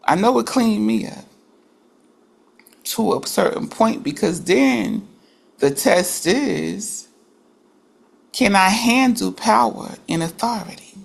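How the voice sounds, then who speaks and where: A woman's voice: mid-range voice, expressive, slow, vocal fry, pauses often, slightly rough. A woman in a religious study group, reflecting aloud in a casual discussion, with frequent restarts as she works through her ideas.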